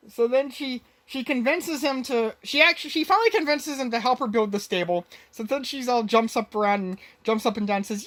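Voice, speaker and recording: A woman's voice: fairly high pitch, normal speed, few pauses. A woman co-hosting a podcast, recapping a movie in casual chat and rambling along with lots of fillers and restarts. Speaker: podcast co-host.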